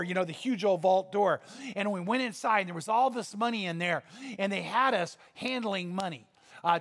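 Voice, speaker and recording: A man's voice: high voice, a bit bright. A male pastor preaching a sermon in an earnest, conversational manner with emphatic repetition.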